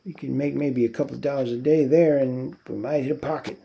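Man doing a blunt, gruff ranch worker. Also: mid-range voice, steady tone, fairly quick, dark tone, lightly acted, low-quality recording. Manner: blunt, clipped. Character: tough, brusque itinerant ranch worker.

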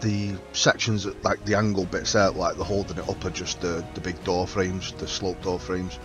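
A man's voice: sits low, moderate pace, music in the background. A man giving a casual, rambling tour of his game build, full of likes and you-knows. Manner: rambling, filler-heavy, relaxed. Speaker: game video creator.

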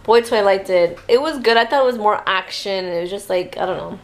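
A woman's voice: mid-range voice, a little fast, a little hiss or hum. A young woman from New York, a mom, chatting casually and giggling in her daily home vlog. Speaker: daily vlogger. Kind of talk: casual family vlog chat. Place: home, indoors.

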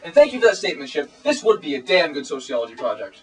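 A man's voice: on the high side, very animated, fast, over music. A teenage boy co-hosting a comedy web show, lecturing in a pompous, mock-serious way. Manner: pompous, preachy mock authority. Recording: voice distant from camera mic.

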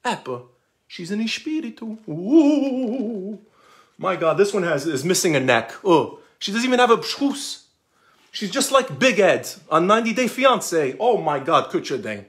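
A man reads a kids' picture book aloud on a live stream. His voice sits fairly high and swings widely as he plays with the text. He breaks off for jokey asides full of words. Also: big pitch swings, normal speed, a bit bright. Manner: playful, jokey asides, slips into Portuguese words. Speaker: storytime host reading a picture book.

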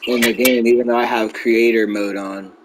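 A young man at an ordinary middle pitch talks loosely while he plays a video game. He slips into bursts of crude, profane trash talk aimed at the game, then drifts back to easy chat with his friend. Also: flat delivery, moderate pace, crowd noise. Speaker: gamer playing a wrestling video game. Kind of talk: casual gameplay chat with a friend.

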